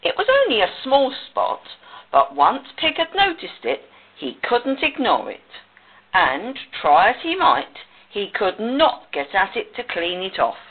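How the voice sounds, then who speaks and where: Reading a picture book for children, a woman uses a husky, mid-range voice and an unhurried, expressive delivery. The sound is tinny, as though heard over a phone.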